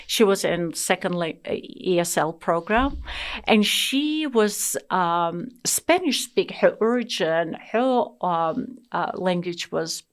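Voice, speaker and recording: A middle-aged Russian woman with a Russian accent tells personal stories in an interview, speaking earnestly and emphatically with halting fillers and restarts. Her voice is on the low side and animated.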